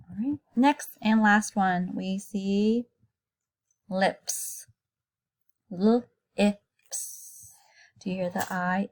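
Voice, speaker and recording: A woman kindergarten teacher leads a recorded phonics lesson at an unhurried pace, drawing each word out slowly. Her voice sits at a middle pitch. She is patient and clear, and she breaks simple words into their sounds for small children.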